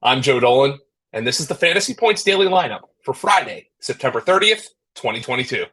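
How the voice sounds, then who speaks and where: Male fantasy football news host, lively delivery, husky edge, quick jokes between updates. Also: medium pitch. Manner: joking, self-deprecating asides.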